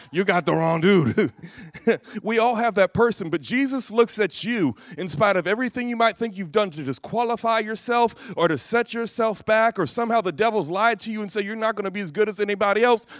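A man with a high voice preaches a lively sermon, telling stories and acting out the voices of the people in them. He laughs at his own jokes as he goes. The sound is dry and close, with no room echo. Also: brisk. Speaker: pastor.

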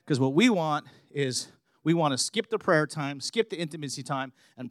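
A man preaching a sermon, telling stories and building to loud, emphatic passages. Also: fairly high pitch, lively intonation, normal speed, no room sound, clean studio sound.

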